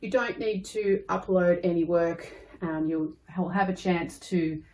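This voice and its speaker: A woman's voice: lowish voice, fairly even intonation, unhurried, warm tone. Australian woman teacher, echoey room. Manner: friendly, patient explaining to children. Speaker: primary school teacher. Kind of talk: recorded online lesson.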